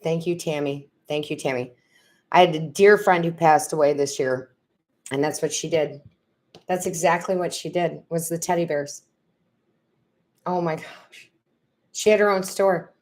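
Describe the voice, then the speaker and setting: A middle-aged woman with a notably low voice hosts a casual live stream as a tarot reader. She talks to viewers by name, laughs easily and gets emotional. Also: unhurried, long pauses, a little mellow.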